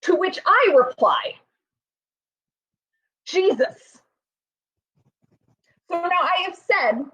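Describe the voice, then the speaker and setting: A woman's voice: extremely high pitch, a bit bright. A young woman telling a funny personal story in a rambling, self-deprecating way, full of fillers. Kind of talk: comic storytelling. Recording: slightly dull, lo-fi sound.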